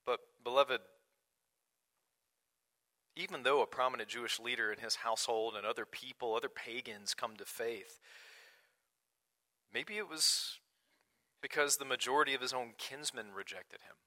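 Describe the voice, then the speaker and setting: Bright-voiced man preaching a sermon. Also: mid-range voice, moderate pace, long pauses. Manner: earnest preaching, swings from loud emphasis to quiet, hushed asides. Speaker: pastor.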